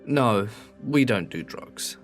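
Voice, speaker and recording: A man's voice: a little high, normal speed, soft background music, voice pushed up, close to an everyday voice. A man voicing a carefree young woman who turns stern and firm when pushed, in a storybook horror narration.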